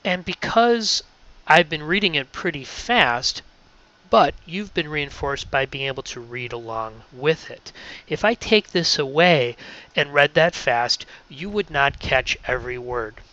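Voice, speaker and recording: Bright-voiced man coaching volunteers. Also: a little high, lively intonation, measured pace. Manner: encouraging, checks in with frequent "okay?". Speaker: volunteer trainer. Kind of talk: instructional presentation. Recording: dull lo-fi recording.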